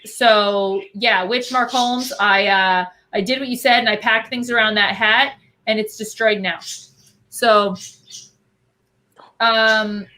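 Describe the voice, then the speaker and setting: Bright, bubbly chatty woman. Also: medium pitch, steady tone, slow. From Albuquerque. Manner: bubbly and chatty, answering viewer questions. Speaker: cosplayer guest. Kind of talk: casual chat.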